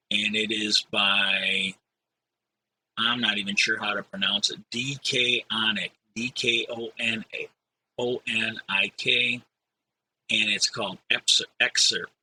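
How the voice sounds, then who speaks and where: A man's voice: fairly low pitch, a little slow, sharp tone, a little hiss or hum, low-quality recording. A middle-aged man and streamer telling stories in a casual, rambling way, swearing now and then. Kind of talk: casual storytelling.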